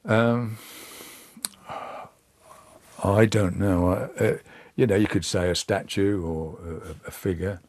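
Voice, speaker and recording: An older man, giving a hesitant, halting interview and often repeating words. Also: deep voice, fairly even intonation, a little mellow. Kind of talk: reflective casual interview.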